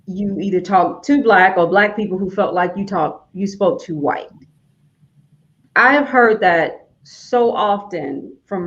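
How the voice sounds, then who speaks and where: Southern woman hosting, dull lo-fi audio. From Alabama, US. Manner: chatty, emphatic, rising to high exclamations. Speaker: host, author. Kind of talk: casual interview chat. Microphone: video call.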